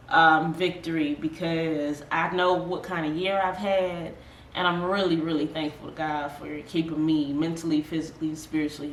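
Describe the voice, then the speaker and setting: Tired woman co-host chatting casually. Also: low voice. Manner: animated, laughing, full of fillers. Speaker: podcast co-host. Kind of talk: casual chat. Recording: echoey room, from a distance, faint noise.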